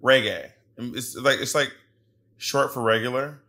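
A man co-hosting a casual review podcast, talking in an animated, jokey way. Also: medium pitch, measured pace, creaky, slight background noise. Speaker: podcast co-host. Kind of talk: casual chat.

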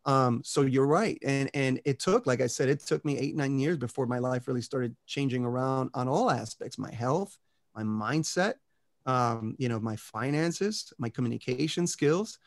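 Appearing as an interview guest on a relaxed podcast, a man from Puerto Rico and the US talks with motivational energy, often tossing in "right?" and "you know" to check on his audience. His medium-pitched voice moves at a moderate pace, recorded cleanly in a studio with no room sound.

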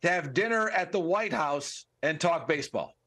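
High-voiced male reporter. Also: expressive, moderate pace, sharp tone. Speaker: reporter calling in.

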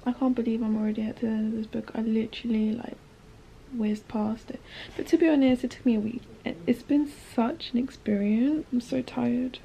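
A woman's voice: a little high, fairly quick, poor audio. Gushing young woman vlogging about books. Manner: gushing, excitable, drifts into soft whispers. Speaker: book vlogger. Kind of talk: casual vlog chat.

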